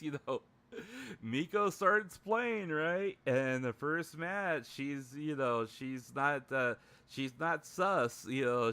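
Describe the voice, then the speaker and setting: A man chatting casually on a livestream, halting and laughing often. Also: mid-range voice, bright, forceful tone, smooth. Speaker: streamer.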